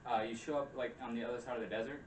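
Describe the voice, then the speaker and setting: A young man talks fast and loose, swearing as he acts out characters' lines. His voice sits at a middle pitch and sounds far from the mic in an echoey room with faint background noise. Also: fairly even intonation. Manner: rambling, profane, acts out quotes. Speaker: game recap presenter. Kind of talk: casual chat. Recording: roomy room, distant mic.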